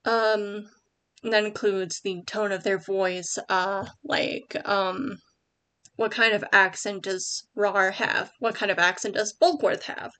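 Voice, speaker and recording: A woman's voice: medium pitch, steady tone, takes it slowly, bright, forceful tone. A young woman at home giving casual writing tips over a screen share, rambling with many ums and likes and correcting herself as she goes.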